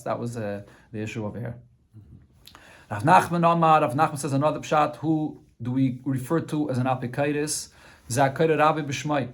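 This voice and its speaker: A man teaching a daily Talmud class, translating phrase by phrase and often restarting mid-sentence. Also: medium pitch.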